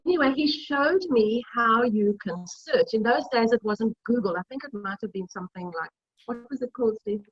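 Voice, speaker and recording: Middle-aged woman, cooking demo host on a video call: chatty storyteller, slightly high, husky, dry and dull line. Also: moderate pace, dry recording. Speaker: cooking demonstrator.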